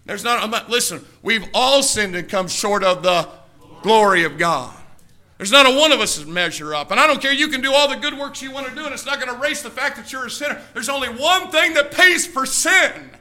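A male pastor preaching a fiery sermon, emphatic, swinging between shouted passages and hushed ones. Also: very high voice, expressive, brisk.

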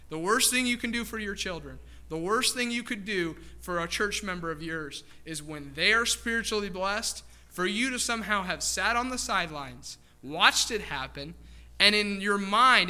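A man's voice: sits high, pushed and bright. A man preaching a sermon in a church, emphatic and addressing the congregation directly as folks. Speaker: pastor.

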